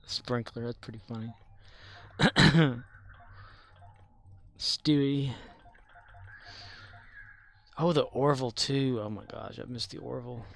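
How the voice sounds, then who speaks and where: A game streamer chatting casually and quietly with viewers, often trailing off into mumbles. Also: steady tone, slow pace, gravelly, pauses often. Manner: quiet, mumbling, low-key. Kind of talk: casual live-stream chat.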